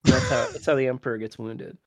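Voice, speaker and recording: A man from North America, a podcast guest in casual chat, laid-back and quick to laugh. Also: mid-range voice, fairly even intonation, crowd noise.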